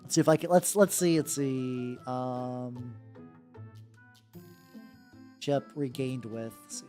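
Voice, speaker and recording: This VTuber talks slowly in a medium-pitched, dark voice with a steady tone, painting miniatures while chatting to stream viewers. The conversation is rambling and full of profanity, with frequent restarts, and faint background music runs underneath.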